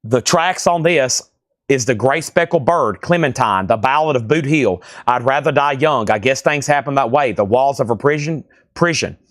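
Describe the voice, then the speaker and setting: A man's voice: mid-range voice, no room sound, clean studio sound. Man rattling off a live record sale. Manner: rapid-fire listing, joking and sarcastic asides. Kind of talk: livestream record auction. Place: record store.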